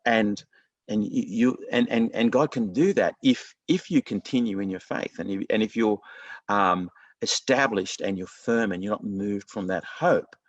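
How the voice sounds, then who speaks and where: A man's voice: lowish voice, measured pace, dry recording, muffled recording. Man preaching, dry close sound. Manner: earnest, conversational preaching with many restarts. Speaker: pastor. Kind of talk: sermon.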